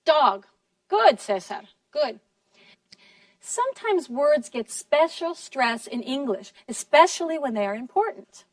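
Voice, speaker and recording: High, slow-speaking woman teacher. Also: very animated, no echo, distant mic. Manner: slow, deliberate, encouraging, models sentences clearly. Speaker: English teacher. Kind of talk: classroom lesson in two languages.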